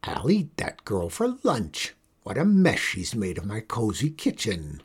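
Man doing an old storybook witch: cranky, growling, drawn-out lines, breathy. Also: fairly low pitch, huge pitch swings, full character voice. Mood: outraged. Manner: gruff, growling, drawn-out outbursts. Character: grumpy old witch woman, bellowing and snarling. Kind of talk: storybook character voice.

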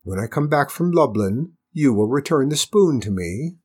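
Man voicing a polite, calm stranger. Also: medium pitch, moderate pace, breathy edge, voice pushed up. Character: smooth, polite male traveling stranger. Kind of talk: storybook reading.

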